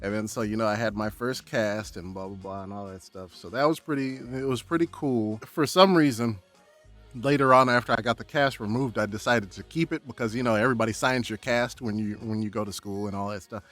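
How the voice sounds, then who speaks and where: Animated young man telling a story. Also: lowish voice, fairly quick, faint music behind. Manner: animated, laughing, acts out his own shouts. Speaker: vlogger. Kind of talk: casual storytelling vlog.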